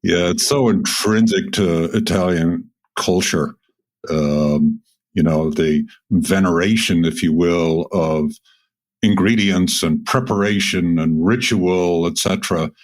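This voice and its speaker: A man co-hosting an interview in a measured, thoughtful way. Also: low voice. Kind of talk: casual interview.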